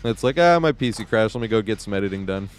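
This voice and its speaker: A man's voice: lowish voice, expressive, fast talker, a little hiss or hum. Rambling, laughing gaming streamer guy. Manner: rambling, laughs often, swears casually. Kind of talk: casual gaming stream chat.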